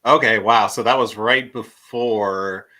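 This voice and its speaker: A man's voice: lowish voice, steady tone, slow pace, sharp tone. A man hosting a podcast, asking short interview questions. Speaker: podcast host.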